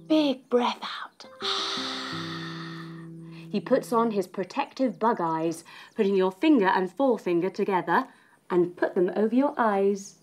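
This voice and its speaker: A woman leading a children's yoga lesson as a story, playful and encouraging. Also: mid-range voice. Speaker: kids yoga teacher.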